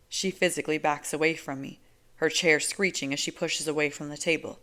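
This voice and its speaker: A woman reading a novel aloud in first person, with a measured, conversational delivery. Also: low voice, fairly even intonation, pushed and bright. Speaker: audiobook reader.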